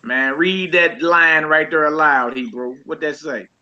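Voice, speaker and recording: A man teaching a casual group Hebrew lesson over a voice call, quizzing his students in a relaxed, conversational way. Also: fairly high pitch, a little slow, lo-fi sound.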